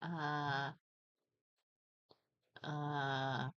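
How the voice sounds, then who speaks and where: Woman, tabletop player, deadpan, dry teasing, very slow, low voice. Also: dull audio, slight background noise. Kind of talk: casual tabletop game chat.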